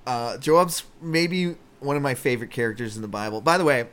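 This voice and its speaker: Man, podcast host, casual comedic chat, swears a lot, rambling, mid-pitched voice. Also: a little fast, fairly bright tone. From Canada. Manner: profane, rambling, self-interrupting. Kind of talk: casual comedic Bible commentary.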